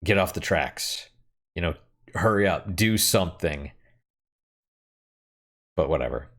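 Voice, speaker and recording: A man's voice: sits low, animated, measured pace, fairly bright tone. A young man chatting casually and frankly while playing a game, rambling and swearing now and then. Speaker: gaming streamer.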